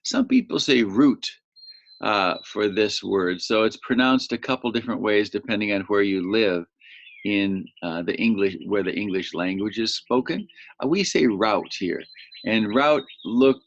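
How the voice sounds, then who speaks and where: A man's voice: lowish voice, normal speed, no echo. A man, teaching young children a vocabulary lesson and patiently repeating each word for them to say back. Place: home near birdsong. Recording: slightly dull, muffled audio.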